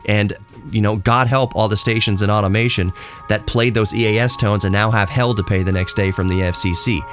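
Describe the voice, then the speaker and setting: Animated sarcastic man ranting on a podcast. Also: a little fast, over music. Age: late 30s. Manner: animated, swoops up high in disbelief, drops low and quiet for asides; blunt, opinionated and sarcastic. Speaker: podcast host. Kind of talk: casual ranting monologue.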